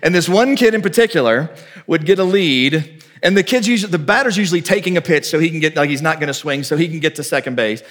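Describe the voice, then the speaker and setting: A male pastor preaching with a slightly higher-than-usual voice for a man. He tells his story with animation, acting out the voices of the people in it. His delivery swings between loud and hushed. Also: fast. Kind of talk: sermon with storytelling.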